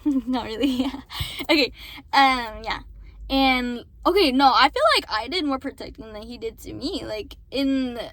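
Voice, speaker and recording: A young woman with a high voice talks straight to her viewers about an ex. She rambles, swears a lot and keeps saying sorry, slipping between quiet asides and louder outbursts. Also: a little slow, no room sound. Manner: rambling, frequent swearing and apologies. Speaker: vlogger. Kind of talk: casual venting to viewers.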